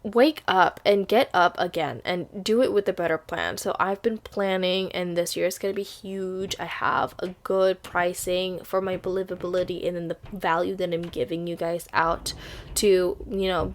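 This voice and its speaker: A woman in her twenties talking straight to camera in a chatty, upbeat vlog, often restarting her sentences. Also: on the low side. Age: 20s. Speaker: vlogger. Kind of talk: casual vlog monologue.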